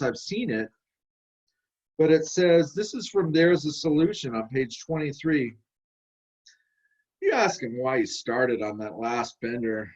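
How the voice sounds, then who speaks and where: A man's voice: mid-range voice, dull audio. A man giving a candid, conversational recovery talk in a workshop, rambling and restarting as he goes. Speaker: workshop speaker. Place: video call.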